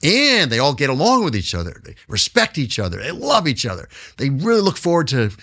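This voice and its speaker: A man's voice: on the high side, huge pitch swings, a little fast, sharp tone. A man answering interview questions as a business guest, emphatic and repeating words for stress.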